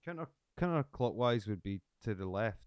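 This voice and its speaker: A man's voice: fairly low pitch, expressive, clean tone, muffled recording. A man hosting a podcast, teasing his guest in casual chat. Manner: jokey, teasing, quick asides. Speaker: podcast host.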